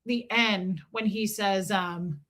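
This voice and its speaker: A woman in her thirties chats with her live viewers in a bright, forceful voice. She rambles from topic to topic, reads out comments and throws in the odd swear. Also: medium pitch, fairly even intonation, slow. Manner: rambling, chatty, swears, mimics movie lines. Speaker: livestream host reading chat. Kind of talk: casual chat with live viewers.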